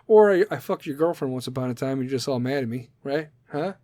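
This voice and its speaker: A man's voice: medium pitch, lively intonation, fast talker, dark tone, dry recording. A man hosting his own podcast, talking casually in a brash, profane, joking way. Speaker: podcast host.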